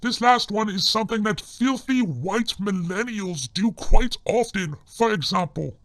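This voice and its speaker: A man giving scripted comedic narration in a formal, deadpan manner. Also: sits high, a little slow, no echo.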